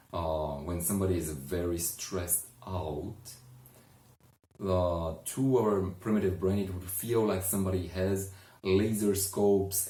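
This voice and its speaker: A man coaching about sleep and telling a story, with an earnest, halting delivery and pauses. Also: deep voice, dark tone. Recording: echoey room, distant mic.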